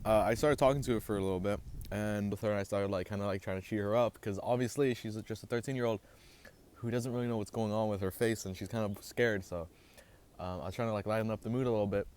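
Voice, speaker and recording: A young man hosting a casual storytime vlog, animated and swearing as he gets heated. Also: on the low side, fast talker, smooth. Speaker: vlogger host.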